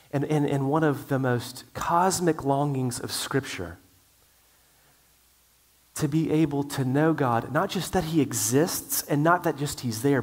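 A man's voice: on the high side, slightly rough. A middle-aged male pastor preaching a sermon in an earnest way, with frequent restarts.

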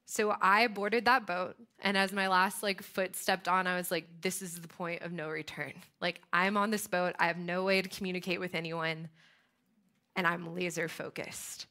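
A young American woman telling a personal story in a sermon, animated and chatty, with frequent fillers. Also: lowish voice, moderate pace. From United States. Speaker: speaker.

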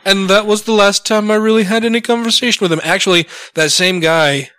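A man's voice: high voice, brisk, clean tone. A man co-hosting a podcast, telling stories in casual, profane chat and acting out the people he quotes. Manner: profane, animated storytelling with acted quotes. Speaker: podcast co-host.

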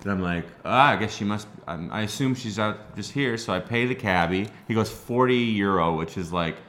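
A man from Canada spins a long, meandering story for his co-hosts. His voice sounds bright and forward, and he keeps breaking into laughter and tripping over his own restarts. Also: lowish voice, moderate pace. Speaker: podcast co-host telling a story. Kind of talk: casual storytelling chat.

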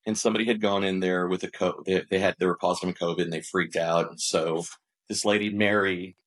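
Lower-voiced man telling his business story. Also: fast. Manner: animated, acts out quoted dialogue; frequent restarts and repeated words. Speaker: business owner, podcast guest. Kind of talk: conversational storytelling.

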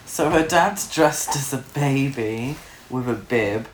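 A man's voice: medium pitch, slow, a little hiss or hum. Laughing, swearing man in an echoey room. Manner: sweary, laughs a lot, mimics characters. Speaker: film review podcast co-host. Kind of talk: casual chat.

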